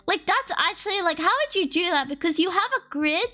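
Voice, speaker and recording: An Australian woman livestreams her coding session in an extremely high, expressive voice that's pushed and bright, talking briskly with hardly any pauses. Her chat is casual, rambling and self-deprecating, and she laughs often. Faint lofi music plays in the background.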